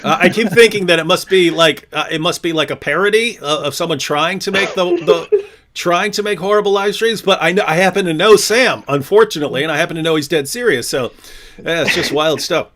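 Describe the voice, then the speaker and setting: A man's voice: fairly high pitch, fairly bright tone. A man co-hosting a live stream, chatting casually, telling stories and teasing. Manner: chatty, storytelling, quick to mock.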